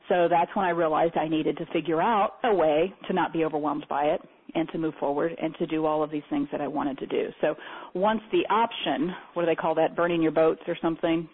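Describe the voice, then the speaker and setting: A woman's voice: low voice, husky. Woman, meeting host, casual rambling talk, fillers, narrow phone-line sound. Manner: chatty and rambling, many fillers and restarts. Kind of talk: casual spoken presentation. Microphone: phone or conference line.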